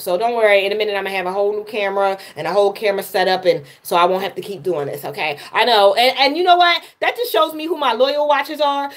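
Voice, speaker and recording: A woman hosting her own livestream, talking straight to viewers in a chatty way and often repeating words. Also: medium pitch. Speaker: livestream host and poet. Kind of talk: casual livestream chat with viewers.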